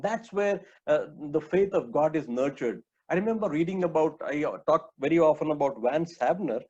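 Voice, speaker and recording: A man's voice: fairly high pitch, animated, normal speed, few pauses, a little mellow, slightly rough. A man preaching a sermon, earnestly addressing his listeners as his friends, with frequent hesitations. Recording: dull lo-fi recording.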